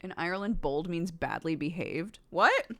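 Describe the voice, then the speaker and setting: A woman's voice: deep voice, unhurried, fairly bright tone, faint music behind. An American woman in her thirties, a streamer chatting casually and rambling, laughing often. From United States. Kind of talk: casual chat with chat.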